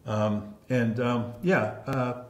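A man's voice: mid-range voice, steady tone, extremely slow, echoey room. A man who once led encounter groups, recalling the past in a rambling, heartfelt and apologetic way, restarting his sentences often. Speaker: former encounter group leader. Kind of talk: reflective personal recollection.

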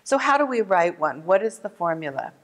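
A woman teaching a lesson for children, gentle and clear, slowing down to sound out words. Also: on the low side, sing-song, long reverb tail. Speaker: museum art educator. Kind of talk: instructional video lesson for kids.

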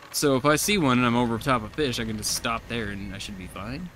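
A man's voice: medium pitch, fast, fairly bright tone, slight background noise. A man giving casual let's play commentary as he plays, chatty and talking to himself, with frustrated outbursts. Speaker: gameplay streamer.

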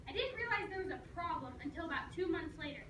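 A woman performing a comic dramatic monologue, telling the story in a sarcastic, animated way. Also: very high voice, quick pace. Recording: echoey room, mic far off, noisy.

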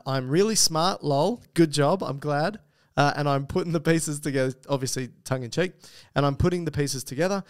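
An Australian man co-hosts a podcast in a clean, medium-pitched voice with some vocal fry. He chats casually, reads listener emails aloud, and explains things with joking asides.

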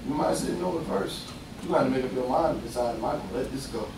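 A young man preaching a lively, conversational sermon, acting out voices and laughing often. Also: mid-range voice, fast, gravelly, noisy background. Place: church. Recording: echoey distant room sound.

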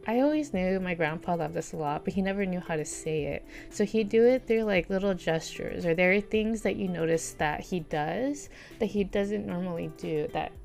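Young woman, livestreamer, casual rambling chat, gravelly fry, near tears, faint music behind. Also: medium pitch, mellow. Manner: rambling, filler-heavy, reads chat aloud.

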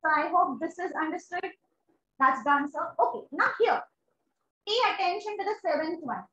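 Indian lady teacher, very high voice, echoey room, kinda muffled, cheers students on. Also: animated, moderate pace, a bit bright. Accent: Indian English. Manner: encouraging, repeats "very good" and "amazing". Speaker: English teacher. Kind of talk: online exam-prep class. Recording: roomy, dull lo-fi sound.

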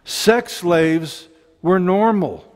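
A man's voice: high voice, animated, drawn-out words, long reverb tail. A middle-aged man with an Ozarks accent preaching a sermon, impassioned and digressive, with joking asides.

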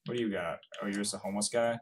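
A young man giving casual, swearing let's-play commentary, swinging from mumbling to frantic yelling. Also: fairly low pitch, steady tone, rapid-fire, a little hiss or hum. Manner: swears a lot. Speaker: gaming YouTuber.

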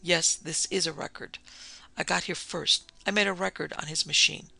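A woman reading the part of a calm, scheming male killer who speaks quietly and mockingly. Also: fairly low pitch, moderate pace, creaky, exaggerated voice.

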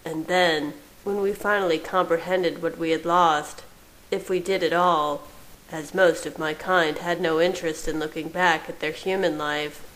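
A woman reading fan fiction aloud in a slow, soft, measured narration. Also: on the low side, low-quality recording. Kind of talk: storybook narration.

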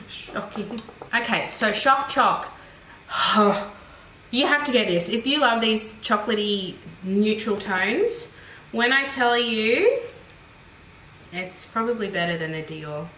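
A woman's voice: medium pitch, expressive, slow pace, pauses often, sharp tone. An Australian woman reviewing makeup in a casual, chatty, giggly way, thinking aloud as she goes. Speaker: beauty vlogger. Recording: echoey room with faint noise.

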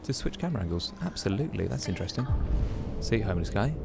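A man's voice: fairly low pitch, sing-song, fast talker, creaky, over music. A man giving casual commentary as he plays a video game, chatty and full of exclamations. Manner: chatty, exclaims and muses aloud while playing. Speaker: gaming YouTuber.

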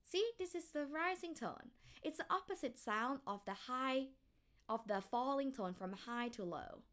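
A woman's voice: sits high, animated, unhurried, a bit bright. A woman with a Thai accent teaching a language lesson step by step, demonstrating tones by drawing out single syllables.

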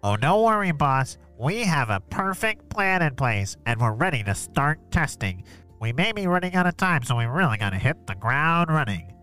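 A man's voice: a little high, sing-song, moderate pace, faint music behind. A man voicing an eager, fawning henchman who hesitates with many uhs. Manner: bright, hesitant, uh-filled.

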